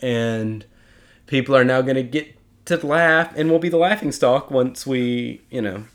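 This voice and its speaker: A man's voice: medium pitch, a little slow, a bit bright. A young man hosting a casual solo podcast, rambling and chatty with self-mocking asides. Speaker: podcast host.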